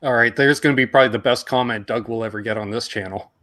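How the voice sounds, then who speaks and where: A relaxed man in his forties hosts a laid-back livestream chat. He reads viewer comments aloud and chats between them, his voice sitting at an everyday middle pitch. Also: quick pace. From Canada. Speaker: host.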